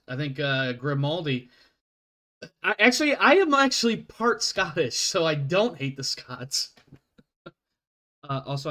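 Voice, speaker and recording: Brief: a man as game master, somewhat high-pitched, chatty and self-interrupting. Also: a bit bright. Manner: rambling, self-interrupting, apologetic. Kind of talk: narrating a tabletop game.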